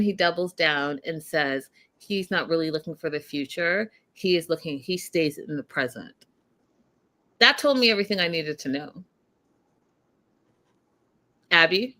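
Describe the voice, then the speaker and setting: A woman hosting a casual recap of a reality show, animated and talking straight to her viewers. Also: on the low side. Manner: animated, addresses viewers directly. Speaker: show host.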